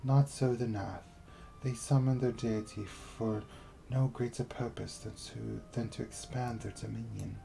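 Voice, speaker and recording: A man reading aloud the lines of a grave, guilt-burdened woman leader in a video game, in a measured, somber way. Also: mid-range voice, steady tone, vocal fry, mellow, faint music behind, poor audio.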